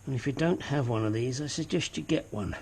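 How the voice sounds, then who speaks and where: A man's medium-pitched voice moves fairly quickly over a noisy background as he demonstrates a car repair. The auto mechanic mutters and grunts while struggling with parts.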